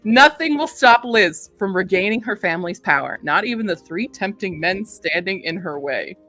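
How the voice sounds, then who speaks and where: A woman hosting a casual book stream, chatty and quick to laugh, reading book synopses aloud. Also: medium pitch, lively intonation, bright, forceful tone, faint music behind. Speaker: book reviewer host.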